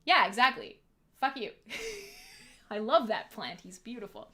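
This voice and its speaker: A woman's voice: on the high side, big pitch swings, unhurried, pushed and bright. A woman hosting a casual livestream from home, joking with her chat in a profane, sarcastic, self-mocking way. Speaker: livestream host.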